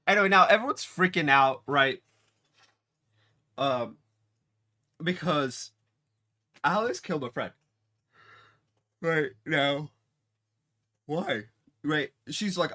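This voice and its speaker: A man's voice: medium pitch, bright, forceful tone. A man casually recapping a TV episode, rambling with many fillers and restarts. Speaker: TV episode reviewer.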